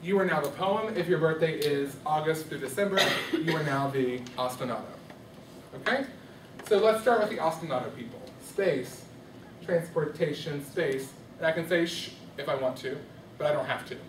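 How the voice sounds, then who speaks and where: A man leads a music class as a microteaching lesson, his slightly high voice expressive and a little fast as he keeps asking questions and prompting students to respond. He's captured from far off in an echoey classroom, with a faint ambient hum in the background.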